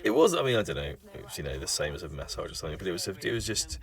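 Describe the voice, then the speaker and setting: A man's voice: low voice, very animated, racing, gravelly, far from the mic. A man recording a film commentary, telling a self-deprecating anecdote in casual chat. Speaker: film writer giving commentary.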